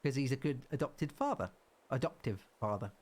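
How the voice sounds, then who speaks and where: A male streamer giving casual commentary on his own game, chatty and rambling, often cutting himself off mid-thought. His voice is animated, swinging up and down a lot. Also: mid-range voice, normal speed. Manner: chatty, rambling, self-interrupting.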